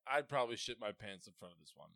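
A young man co-hosting a casual podcast, telling crude stories and jumping into loud, exaggerated voices. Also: expressive, quick pace, no echo. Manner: loud, laughing, jumps into high exaggerated voices.

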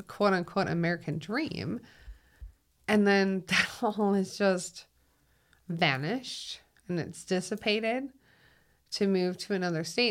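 A woman with a Minnesotan accent, a guest talking in a reflective, unhurried way and laughing easily. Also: on the low side, fairly bright tone. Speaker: guest, 911 call taker and dispatcher. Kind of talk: casual conversation.

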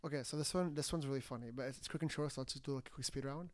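A man's voice: medium pitch, rapid-fire. A young man hosting a podcast in casual chat, talking in loose bursts full of fillers and uneasy laughs. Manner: chatty, many fillers, nervous laughs. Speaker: podcast host.

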